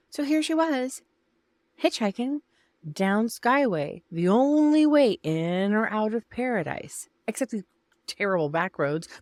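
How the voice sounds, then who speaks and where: An older woman from Northern California, a vlogger, tells a personal story straight to camera in a chatty, emotional way, calling her viewers "you guys" and "y'all." Her voice is on the high side, and the clean studio recording has no echo.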